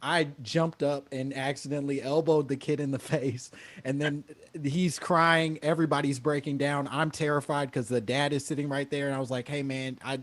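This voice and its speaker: A man's voice: on the high side, normal speed. A man in his thirties, a comedian guest telling stories in casual chat and acting out quotes. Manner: animated, acts out quotes.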